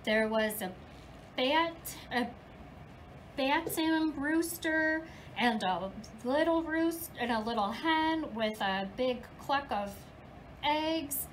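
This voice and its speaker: High, lively preschool teacher reading aloud. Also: female voice, slow, slight background noise, low-quality recording. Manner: expressive storybook reading with animal noises. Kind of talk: reading a picture book aloud to young children.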